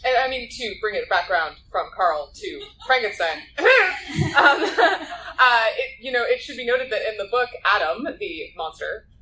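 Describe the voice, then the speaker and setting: A woman's voice: fairly high pitch, expressive, unhurried, bright, forceful tone. A woman moderating a live podcast panel, playful and laughing as she steers the talk. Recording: distant mic in a room.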